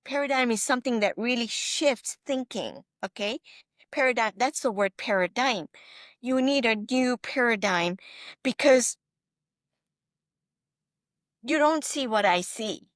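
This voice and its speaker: Emphatic woman physician, high dry voice. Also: measured pace, long pauses, no room sound. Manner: animated and emphatic, checks in with "okay?". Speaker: physician guest. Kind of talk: storytelling in a podcast interview.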